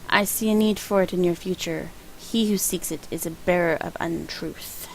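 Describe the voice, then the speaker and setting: A man's voice: high-pitched, moderate pace, gravelly, a little hiss or hum, rough recording. A woman reading as a cryptic male street shaman. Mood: solemn.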